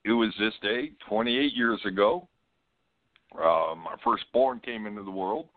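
A man in his forties co-hosts a casual chat in a relaxed, hesitant way. His voice is low. The sound is dry and tinny, like a phone line. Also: a little slow, no room sound. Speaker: co-host.

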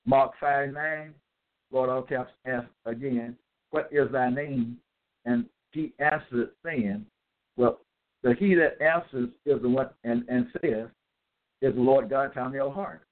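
A man delivering a scripture-citing monologue, reading out verse references and pausing to ask "okay?" as he goes. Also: mid-range voice. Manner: deliberate, checks in with "okay?"; spells out capitals, hesitant fillers. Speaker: self-styled religious teacher. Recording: tinny phone-like audio.

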